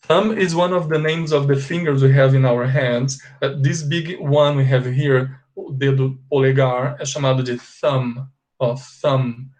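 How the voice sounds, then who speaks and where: A man's voice: mid-range voice, fairly even intonation, darkish tone. A Brazilian man teaching an English lesson in a classroom. He has a Brazilian Portuguese accent, draws out example words and keeps checking in with "ok?". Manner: explains slowly, stretches example words, checks in with "ok?". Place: classroom with a board.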